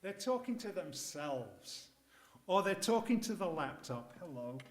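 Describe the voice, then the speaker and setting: A man's voice: high-pitched, unhurried. A man teaching public speaking to a live audience in a workshop, emphatic and jokey. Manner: lively, emphatic, jokey asides. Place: conference room. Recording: echoey room.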